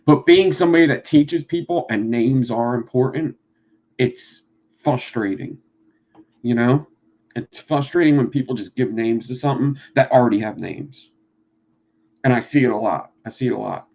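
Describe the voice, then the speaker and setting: A man with a Philadelphia accent talking fast and swearing freely while teaching coil building on a live stream. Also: mid-range voice, darkish tone, lo-fi sound. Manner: fast-talking, profane, rambling. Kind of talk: casual live-stream chat.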